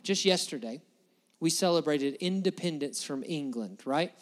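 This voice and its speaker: A man's voice: fairly high pitch, lively intonation, normal speed, big-room sound. A man preaching a sermon as pastor, emphatic and building his points through repetition. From United States.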